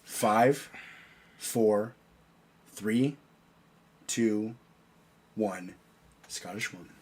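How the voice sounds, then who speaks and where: A man's voice: lowish voice, extremely slow, darkish tone, husky. A man co-hosting a podcast, bantering crudely and joking while reading out news stories. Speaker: podcast co-host.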